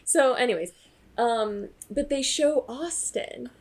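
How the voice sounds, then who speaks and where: A woman's voice: on the high side, slow pace. A woman co-hosting a podcast in casual chat, telling stories animatedly and acting out quotes. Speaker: podcast co-host.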